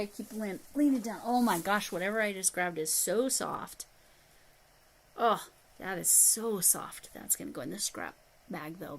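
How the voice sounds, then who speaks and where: A woman's voice: medium pitch, a little hiss or hum, rough recording. A middle-aged woman chatting casually on a livestream. She talks straight to her viewers, reads their comments aloud and thanks them, all while handling and describing yarn. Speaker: livestream host.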